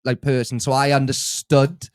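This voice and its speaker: A man's voice: medium pitch, level tone, moderate pace, clear, resonant tone, dry recording, studio quality. A man co-hosting a casual chat, easygoing and hesitant, often restarting his sentences. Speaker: co-host, the host's editor.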